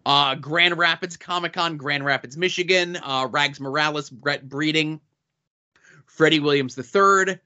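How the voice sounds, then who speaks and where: Bright-voiced man running down guest lists. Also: on the high side, a little slow, highs cut off. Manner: reads off guest lists with dry asides. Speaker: podcast co-host. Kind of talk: casual podcast chat.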